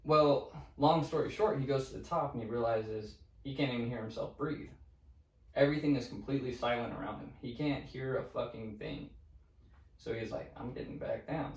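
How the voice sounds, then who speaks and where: A man co-hosting a podcast, telling eerie stories in a casual, profane, animated way. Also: mid-range voice. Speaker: podcast co-host. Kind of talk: casual storytelling chat. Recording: roomy, distant mic.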